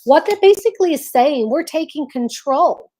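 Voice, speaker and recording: A middle-aged woman with a slightly high voice runs a casual live stream. She talks in a loose, chatty way, restarting her sentences as she goes. She keeps greeting viewers by name between her thoughts. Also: lively intonation, moderate pace, warm tone. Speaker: livestream host.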